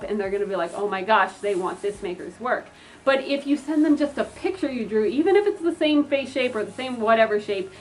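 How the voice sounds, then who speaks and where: A woman's voice: fairly high pitch, rough recording. A young woman who makes fursuits, giving chatty advice to customers and pleading with them while acting out the messages they might send. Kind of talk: casual advice vlog.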